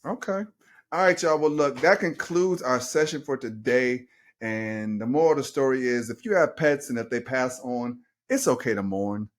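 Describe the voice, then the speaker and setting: A middle-aged man hosting a casual podcast as a life coach, talking in an animated, slangy way and addressing listeners as y'all. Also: medium pitch, normal speed.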